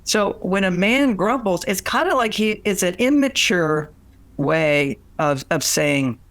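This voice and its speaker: An older man giving relationship advice in a lively storytelling way, acting out what people said and laughing often. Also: high voice, a little slow, no echo. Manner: animated, acts out quoted voices, laughs often. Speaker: relationship author and guest.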